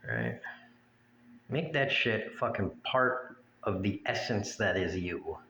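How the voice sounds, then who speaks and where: Crude, mocking male ranter, unhurried delivery, faint room hum behind. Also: sits low, big pitch swings, creaky, sharp tone. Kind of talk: profane rant to camera. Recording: echoey room with faint ambience.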